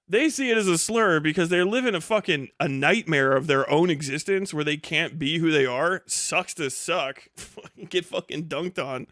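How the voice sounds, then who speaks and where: A young man with a high, bright voice rattles off excitable, profanity-laced stream commentary, breaking into laughter often. The sound is close and dry. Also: no echo. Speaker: live streamer.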